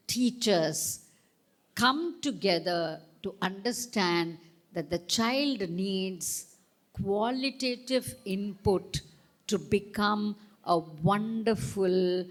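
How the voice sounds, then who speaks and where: A middle-aged woman with an Indian English accent, a storyteller giving a speech at a school event and drawing the crowd into call-and-response. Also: mid-range voice. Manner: slow, animated, coaxing the crowd. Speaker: storyteller and guest speaker.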